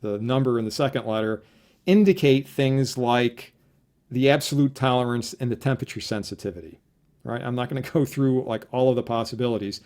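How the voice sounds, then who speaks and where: A male professor giving a relaxed lecture, explaining things conversationally and often checking in with a quick "right?". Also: mid-range voice. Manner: conversational, tags points with "right?". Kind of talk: casual recorded lecture.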